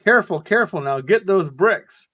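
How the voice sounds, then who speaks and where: Casting note: podcast host doing a big bearded Irish rescuer, hearty brogue, pitched up a few steps, lively. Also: male voice, normal speed. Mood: urgent. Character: burly bearded Irish rescuer man, kindly.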